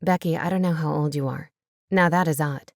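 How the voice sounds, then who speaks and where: A weary, resigned middle-aged man, put on by a woman reading a story aloud speaks in a lowered voice. He sounds worn out and reluctant. The recording is dry and close. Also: steady tone, a little fast, creaky, no room sound.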